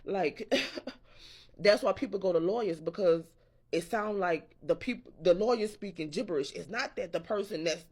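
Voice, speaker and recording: A man's voice: high-pitched, moderate pace, a little mellow, breathy edge. A man in a casual morning-rant vlog, rambling and profane and interrupting himself as he talks. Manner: quotes imagined people in a raised voice. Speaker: vlogger.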